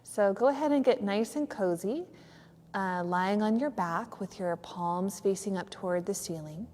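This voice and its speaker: A woman yoga teacher gently and slowly guiding a yoga nidra relaxation in a studio, with a few fillers. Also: mid-range voice, long reverb tail. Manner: soft, slow, soothing guidance with some fillers. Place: yoga studio on a cold evening.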